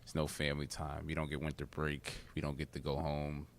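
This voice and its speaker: A man's voice: a bass voice, completely flat delivery, brisk, slight background noise. A young man, a college basketball player, giving short, easygoing interview answers. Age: young adult.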